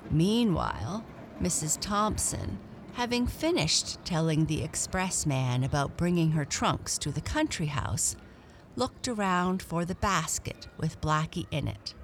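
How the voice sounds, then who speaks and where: A woman reading a children's storybook aloud in a gentle, expressive way. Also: low voice, a little slow, a little hiss or hum.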